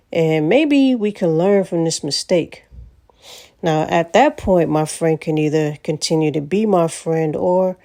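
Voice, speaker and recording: A woman's voice: fairly low pitch, gravelly, mellow. A woman vlogger telling stories in a casual monologue, blunt and profane, laughing often.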